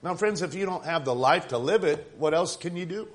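A man preaching a sermon in a conversational yet emphatic way, building up to forceful points and dropping to quiet asides. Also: a little high, brisk. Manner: emphatic, conversational preaching with rising and falling intensity.

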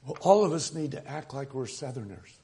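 A man preaching a sermon as pastor, conversational and joking, with quick asides. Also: medium pitch, lively intonation, mellow. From Tucson, Arizona.

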